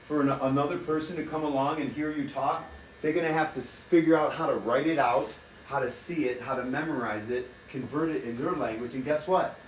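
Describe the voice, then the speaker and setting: A man's voice: medium pitch, fairly quick, a little hiss or hum. A man chatting casually and teasingly in a hotel room, swearing a lot, recorded from a distance. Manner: animated, profane, teasing. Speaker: vlogger. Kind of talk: casual chat. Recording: echoey room, mic at a distance.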